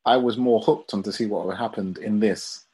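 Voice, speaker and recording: A man in casual conversation, easygoing and quick to laugh, explaining his view at length. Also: lowish voice, dark tone, breathy edge. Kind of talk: casual chat.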